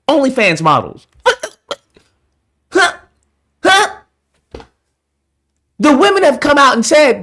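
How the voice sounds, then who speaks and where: A man ranting as an online commentator, heated and exasperated, swearing freely as he argues. His pitch swings widely from line to line, rising into disbelieving questions. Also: fairly bright tone.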